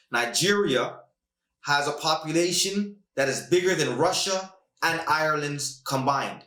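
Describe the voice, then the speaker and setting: Guy going off about a fight on a podcast, kinda high voice, roomy echo, sounds far from the mic. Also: animated, a bit bright. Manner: emphatic, fast, mimics other people's voices. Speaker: podcast host. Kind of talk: animated casual podcast rant. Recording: echoey room, distant mic.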